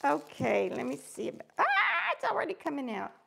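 Upbeat high-voiced woman hosting a crafting stream. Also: big pitch swings, normal speed, vocal fry, background noise. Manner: chatty and upbeat, greeting viewers by name. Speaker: host of a live crafting stream. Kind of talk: casual live-stream chat while crafting.

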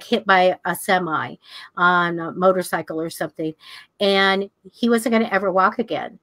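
An older woman co-hosting a psychic talk show, telling stories in a casual, animated way, acting out the voices of people in them and laughing often. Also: mid-range voice. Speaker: psychic radio show co-host. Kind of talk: casual storytelling chat.

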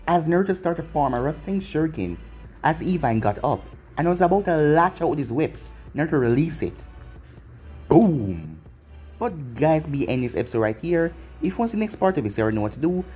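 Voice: mid-range voice, lively intonation, quick pace, a little mellow, faint music behind. A channel host reading fan fiction aloud in long, tumbling run-on sentences. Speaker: YouTube story narrator.

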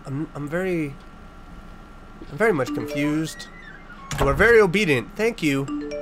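A man hosting a casual let's-play, joking sarcastically and blurting loud startled reactions. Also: fairly high pitch, lively intonation, measured pace, long pauses, music in the background. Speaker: gaming channel host.

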